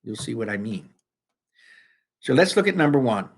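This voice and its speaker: A man teaching students through a worksheet, talking casually with frequent restarts and lively emphasis. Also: medium pitch, moderate pace, breathy edge. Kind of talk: recorded classroom lesson.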